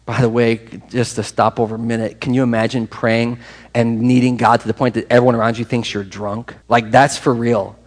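A man's voice: mid-range voice, flat delivery, a little fast. A man preaching a sermon to his congregation in an emotional, conversational way. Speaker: pastor.

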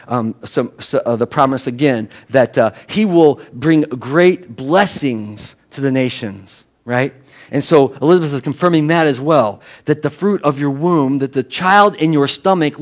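A man preaching a sermon in a loose, conversational way, often restarting his sentences. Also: a little high. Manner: conversational, with frequent restarts and asides. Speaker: pastor.

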